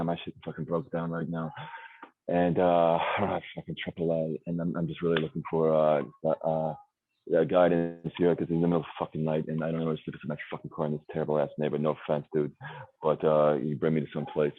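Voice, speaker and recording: A man voicing a stranded, stressed young man who rushes out slangy, cursing talk, heard over a tinny, phone-like line. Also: rumbling low. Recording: dry tinny phone-like sound.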